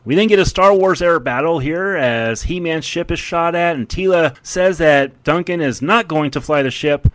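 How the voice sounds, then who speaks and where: Man, fairly high voice, casual movie recap, frequent chuckles, dry close sound. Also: normal speed, few pauses, fairly bright tone, no room sound. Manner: chuckles often while narrating scenes. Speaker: movie recap podcast host.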